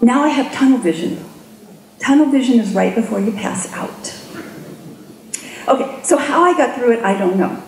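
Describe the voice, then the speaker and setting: A fairly high-voiced middle-aged woman tells a lively story from a conference stage. She acts out the voices in her head as she goes, and her voice rings through an echoey room over a faint hum of ambience. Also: moderate pace, long pauses. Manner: animated storyteller who acts out inner voices. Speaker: keynote speaker. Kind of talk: storytelling keynote talk.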